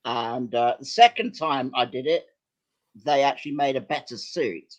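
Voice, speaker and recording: An older man who acts and writes appears as a guest, telling lively, self-deprecating anecdotes in casual conversation with some hesitation. He has a mid-range voice and a moderate pace.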